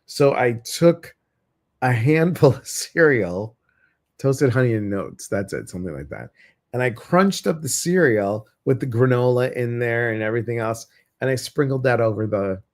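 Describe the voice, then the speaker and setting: A man hosts a relaxed evening chat with his meditation group. He talks slowly at a middle pitch, rambling along with plenty of fillers. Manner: rambling and chatty, with many fillers. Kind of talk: casual chat to a live audience.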